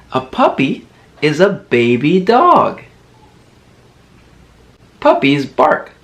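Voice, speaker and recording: Man, kids' teacher, very slow, bouncy lively pitch, encouraging toddler talk. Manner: slow, exaggerated, encouraging sing-song for toddlers; playfully imitates animal sounds. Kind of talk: children's educational video.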